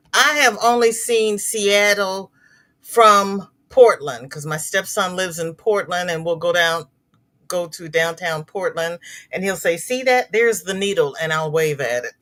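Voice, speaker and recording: A woman's voice: lowish voice, a bit bright. A middle-aged woman hosting a crochet livestream, chatting casually with viewers and reading their comments, sympathetic and prone to repeating words.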